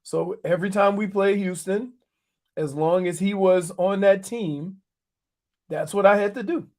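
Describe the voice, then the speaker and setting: A middle-aged man co-hosting sports radio, telling animated stories and laughing often. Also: high-pitched, measured pace. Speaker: sports radio co-host, former NFL player. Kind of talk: casual sports talk.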